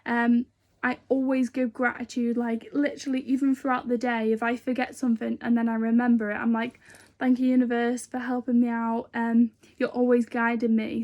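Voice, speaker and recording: Woman vlogger, high voice, rambling and earnest, casual to-camera chat. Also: darkish tone. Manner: chatty and rambling, many fillers.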